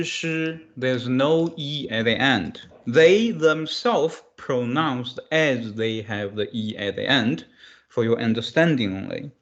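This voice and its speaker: Slow, deliberate male language teacher. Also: dull audio. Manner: slow and deliberate, repeating syllables with pitched emphasis. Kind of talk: online pronunciation lesson.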